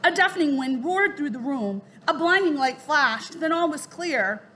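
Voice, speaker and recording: Woman narrator, children's storybook, fairly high voice, faint background hum. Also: animated, normal speed, bright, forceful tone. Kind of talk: children's storybook read-aloud.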